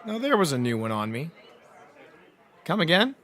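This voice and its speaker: A man's voice: medium pitch, big pitch swings, fast, fairly bright tone, a faint crowd. A man narrating a first-person hard-boiled detective audiobook, with a wry storytelling delivery.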